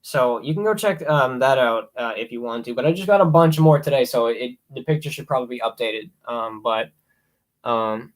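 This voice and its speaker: A young man hosting a casual live stream, rambling with many ums and excited asides. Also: medium pitch, moderate pace. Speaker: livestream host ranking horror films.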